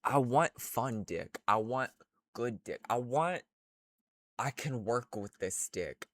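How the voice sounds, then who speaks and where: A young adult vlogger ranks characters in a casual chat, rambling, crude, and gushing. His voice is medium in pitch and a bit bright, and the recording is dry.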